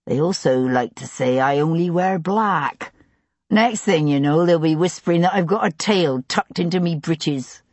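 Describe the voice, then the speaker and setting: A woman puts on a gruff male tavern keeper in a storybook reading, a scarred ex-soldier with a West Country burr. He talks surly and clipped, taunting, with a low, husky voice. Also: moderate pace, a little mellow, dry recording. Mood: scoffing.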